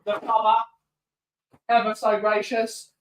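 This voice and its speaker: A man's voice: sits high, monotone, takes it slowly. A man hosting a casual live-stream chat from home, greeting viewers in the chat one by one. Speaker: livestream host.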